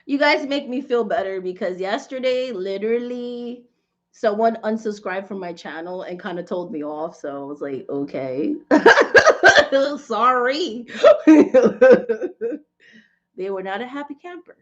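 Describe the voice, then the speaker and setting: A woman in her forties chatting casually with viewers, telling animated stories and laughing often. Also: on the high side, measured pace. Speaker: spiritual reader and channel host. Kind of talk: casual live chat with viewers. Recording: dull lo-fi livestream audio.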